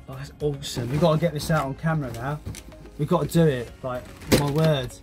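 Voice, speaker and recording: Excitable man swearing happily. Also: on the high side, fairly quick, over music. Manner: excitable, swears a lot, laughs often. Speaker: YouTuber. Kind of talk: casual unboxing vlog.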